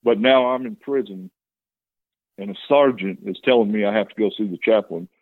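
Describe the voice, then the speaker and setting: A man's voice: lowish voice, moderate pace, no echo. A man giving a candid, plain-spoken personal testimony as an interview guest. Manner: plain-spoken storytelling with earnest emotion. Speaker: guest telling his testimony. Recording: tinny phone-like line, dry.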